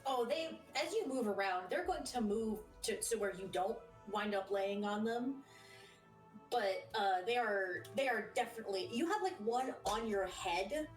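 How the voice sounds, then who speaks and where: Echoey far-off woman game master. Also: medium pitch. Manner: descriptive, restarts phrases while narrating. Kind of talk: narrating a tabletop game. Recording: echoey room, distant from the mic.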